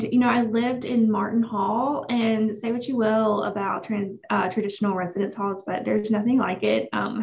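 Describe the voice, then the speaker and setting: A woman guest on a university interview show, answering questions in a measured, reflective way. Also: medium pitch, gravelly, a little mellow, low-quality recording.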